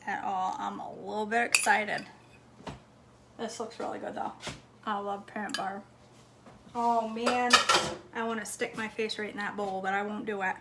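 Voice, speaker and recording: A woman's voice: mid-range voice, creaky, very noisy. A woman vlogging casually from her home kitchen, chatting to viewers and her dog as she cooks. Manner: chatty, talks to her dog between steps. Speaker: cooking vlogger.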